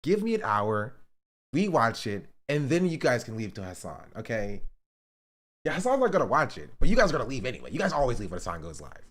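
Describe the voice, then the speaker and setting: A man's voice: mid-range voice, huge pitch swings, brisk. A young man streaming live, chatting casually with his viewers, pleading and joking. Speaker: livestreamer.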